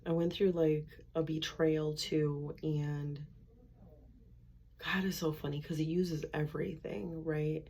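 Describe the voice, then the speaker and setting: A woman's voice: low-pitched, level tone, slow, dark tone, slightly rough. A woman giving a candid, conversational faith testimony, acting out her inner dialogue with God. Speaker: speaker sharing a faith testimony.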